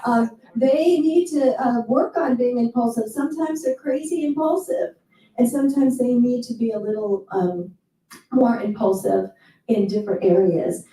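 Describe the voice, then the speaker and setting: Speaking to a live audience in an echoey hall, far from the microphone, a woman delivers a playful, enthusiastic motivational seminar peppered with quoted asides. She sounds mellow, on the high side, and talks at normal speed.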